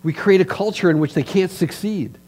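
Male pastor preaching in church, lively and emphatic, slightly high-pitched. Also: fairly quick. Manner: animated, emphatic preaching with direct address. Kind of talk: sermon.

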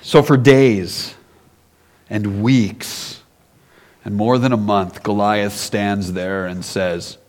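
A man's voice: fairly low pitch, fairly even intonation, slow pace, darkish tone. Pastor guy telling a story in a sermon, easygoing, chuckles a lot. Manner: casual storytelling, acts out characters, often laughs.

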